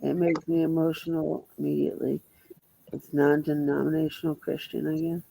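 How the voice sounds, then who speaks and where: A man's voice: a little high, flat delivery, moderate pace, vocal fry, warm tone, rough recording. A man chatting bluntly with viewers on a livestream, rambling and swearing freely. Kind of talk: casual livestream chat answering viewers.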